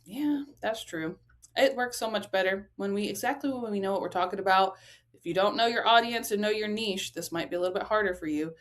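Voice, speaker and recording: A woman's voice: medium pitch, a little fast. Chatty woman teaching a travel business. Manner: chatty, direct, rhetorical asides like "right?" and "okay?". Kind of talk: casual screen-share tutorial.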